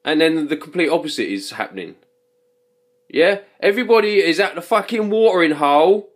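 A man's voice: on the high side, animated, fairly quick. A man delivering an angry, profane rant to camera, repeating himself as he gets worked up. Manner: heated, swearing, repeats himself. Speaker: vlogger.

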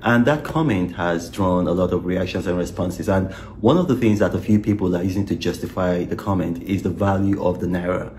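A man giving a measured explanation in a commentary. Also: deep voice, a little mellow, slight background noise.

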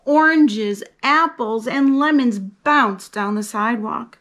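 A woman storyteller reading a picture book aloud to young children, bright with expression and acting out the characters as she goes. Her voice sits a little high. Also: slow, hardly any pauses. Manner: lively and expressive, teaching a hand sign and acting out the story's characters.

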